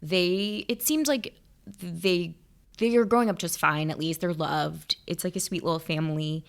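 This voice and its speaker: Brief: podcast co-host, woman, low voice with gravelly fry, casual and joking. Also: normal speed. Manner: chatty, jokey, laughs often. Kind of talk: casual chat.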